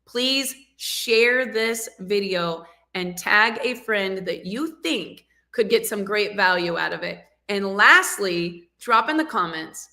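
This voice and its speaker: Speaking slowly yet expressively with few pauses, a motivational coach and show host rallies a live audience by video call. Her mid-range voice is bright and forceful, and the call mic carries her emphatic push for listeners to act.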